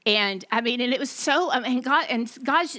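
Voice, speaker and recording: A woman pastor, giving a testimony sermon to her congregation as an animated storyteller who acts out the voices she quotes. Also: on the high side, normal speed.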